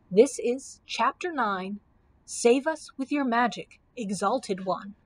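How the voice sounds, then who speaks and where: A woman librarian reading a children's book aloud in a clear, steady way, with small slips now and then. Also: a little high.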